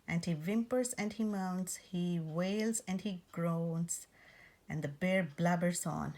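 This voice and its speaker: A woman reading a rhyming picture book aloud, rhythmic and expressive. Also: fairly low pitch, takes it slowly. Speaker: storyteller.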